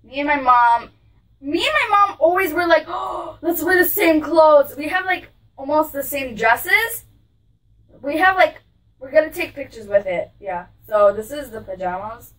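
A woman's voice: high-pitched, expressive, normal speed, pushed and bright, distant mic, rough recording. Bubbly vlogger woman with a raised voice who is set back from the mic. She gushes about her haul. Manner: gushing, bubbly, repeats how cute things are. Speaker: vlog host showing a clothing haul. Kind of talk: casual haul vlog. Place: her room with a closet behind.

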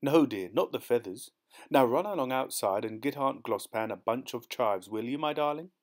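A man's voice: mid-range voice, lively intonation, normal speed, lightly acted. A man voicing a doting elderly aunt of nearly eighty, fond and coaxing in tone in a storybook reading.

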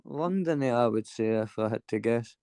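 A middle-aged man with a Scottish accent, chatting haltingly on a live stream and saying aye a lot. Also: medium pitch, lively intonation, crowd noise. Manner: halting, restarts a lot, says aye often. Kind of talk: casual chat.

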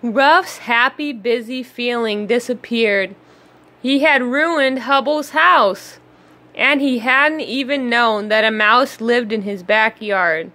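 Slow bright woman reading a story. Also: on the high side. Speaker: storybook reader. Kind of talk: children's read-aloud narration.

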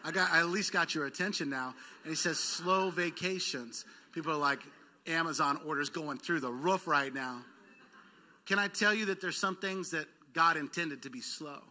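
A man preaching a sermon as pastor, coaxing call-and-response from his congregation. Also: fairly high pitch. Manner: lively, quick bursts then slowed words. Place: church sanctuary.

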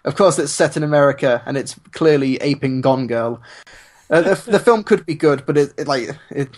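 A man's voice: fairly high pitch, normal speed. A man co-hosting a podcast, talking casually with many ums and a dry sense of humor. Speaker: podcast co-host. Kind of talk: casual chat.

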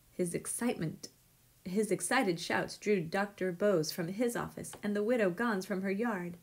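Woman reading a picture book aloud. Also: medium pitch. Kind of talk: read-aloud storytelling.

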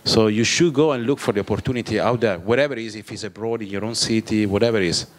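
A man's voice: on the low side, fast. Blunt man giving advice. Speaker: bar owner in London. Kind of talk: casual panel talk.

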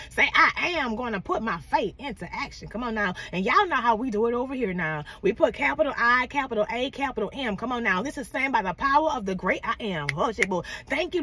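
A woman's voice: fairly high pitch, bright, forceful tone, husky. A woman preaching a prophetic word in a fervent call-and-response manner, often repeating "come on now" and calling listeners "baby".

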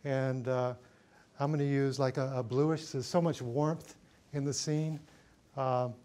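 Middle-aged man giving a halting lighting demo. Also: mid-range voice, level tone, mellow. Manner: halting, many fillers and restarts, thinking aloud while adjusting lights. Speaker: cinematography workshop instructor. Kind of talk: hands-on lighting demonstration. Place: workshop studio with lighting set.

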